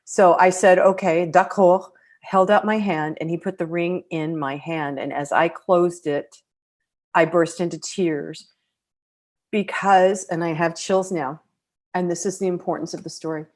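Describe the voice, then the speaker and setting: A woman's voice: on the low side, fairly even intonation. Woman host telling a personal story. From United States. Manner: warm, reflective, emotional storytelling with pauses. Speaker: podcast host.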